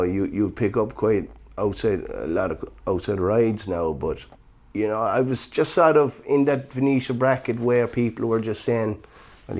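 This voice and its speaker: A man, a former jockey recalling his racing days in a relaxed interview, full of "you know" and "sure, look". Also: mid-range voice. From Ireland. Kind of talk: casual reminiscing interview.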